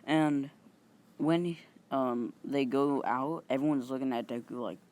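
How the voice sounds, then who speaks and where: A male channel host casually improvising a story, halting and rambling with many fillers and some mild swearing. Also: medium pitch, darkish tone.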